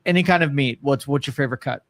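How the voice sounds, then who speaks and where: A man chatting casually on a podcast, eager and quick to joke. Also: mid-range voice, fairly bright tone, dry recording, studio quality. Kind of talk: casual chat.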